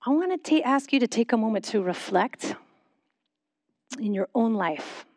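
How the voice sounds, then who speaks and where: Woman pastor, higher voice, measured sermon leading silent prayer, dry close sound. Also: expressive, dry recording. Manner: measured, slowing into soft reflective pauses.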